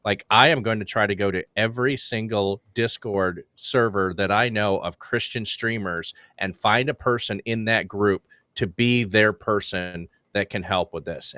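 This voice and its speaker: Eager man with a low voice. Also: sharp tone, no room sound. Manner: enthusiastic, rambling with fillers like "like". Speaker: livestream co-host. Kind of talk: casual livestream chat. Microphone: livestream setup.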